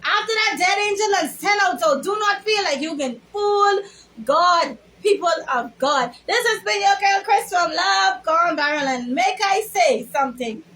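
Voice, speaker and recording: A woman's voice: extremely high pitch, lively intonation, measured pace, bright, forceful tone, low-quality recording. A Bahamian woman vlogger giving an emphatic, sermon-like storytelling monologue. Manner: emphatic, sermon-like, drawls words.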